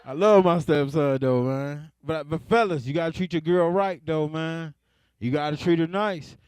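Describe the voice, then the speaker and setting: A man's voice: a little high, normal speed, a little mellow, clean tone, no room sound. A young adult man doing a stand-up comedy set, laid-back, chuckling between jokes and drawing out his punchlines.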